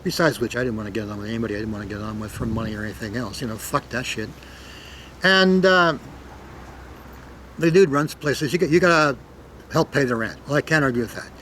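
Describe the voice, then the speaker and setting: An older Canadian man talks in a loose, meandering monologue at a middle pitch. He swears casually and hits some words suddenly and loudly. A faint hum of ambient noise sits behind him. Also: quick pace, rough recording. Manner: rambling, profane, leans on "man" and sudden loud emphasis. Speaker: storyteller.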